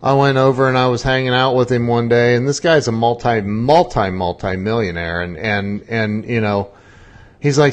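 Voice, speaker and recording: A man hosting a podcast interview, talking in halting starts and telling stories with animation. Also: medium pitch. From Ohio, US. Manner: halting, many restarts, animated storytelling. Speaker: podcast host. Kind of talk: casual interview chat.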